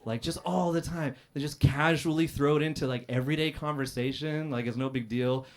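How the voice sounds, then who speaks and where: On a comedy club stage, a man delivers a roast set in a deadpan, dry style, his fairly high voice broken by frequent "uh" pauses and abrupt loud bursts.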